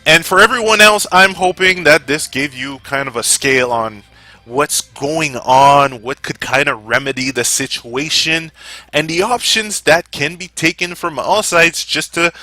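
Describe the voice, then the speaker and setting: A man vlogging about gaming in a heated, profane rant that flares up, then calms into casual sign-offs. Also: fairly high pitch, dry recording. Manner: heated, profane, gets fired up. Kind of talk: opinion rant to camera.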